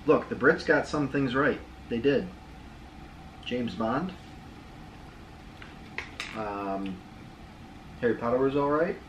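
A man's voice: mid-range voice, expressive, slow pace, pauses often, fairly bright tone, roomy sound. A man with a dry, blunt, teasing manner, trying sweets in casual chat. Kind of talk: casual taste-test chat. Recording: noisy home recording.

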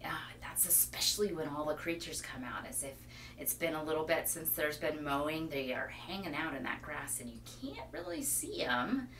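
A woman leading a children's library storytime, talking in an animated sing-song way and imitating animal sounds for the kids. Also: low-pitched, moderate pace, a little hiss or hum.

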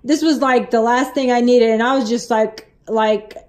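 Higher-voiced woman telling a rambling story. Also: steady tone, moderate pace. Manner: rambling, full of restarts and "anyways"; earnest, emotional retelling. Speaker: vlogger. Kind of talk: personal testimony, casual storytelling.

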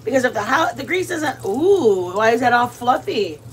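A woman's voice: on the high side, very animated, moderate pace, slight background noise. A middle-aged woman chatting casually and rambling as she cooks on a livestream, greeting viewers by name. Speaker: livestream cooking host. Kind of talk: casual live cooking chat.

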